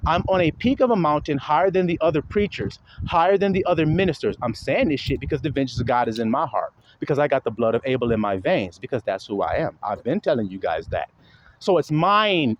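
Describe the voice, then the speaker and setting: A man delivers fiery, profane preaching, his pitch riding high and swinging wildly as he presses his points. The recording sounds dull and lo-fi, with a faint hiss underneath. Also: sing-song, fast, darkish tone.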